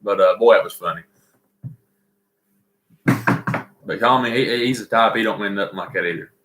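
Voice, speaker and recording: A man's voice: on the low side, normal speed, very noisy. A man with a Southern accent co-hosting a live stream, telling folksy stories and laughing a lot. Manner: animated, laughs often, folksy. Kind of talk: casual chat and storytelling. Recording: roomy echo.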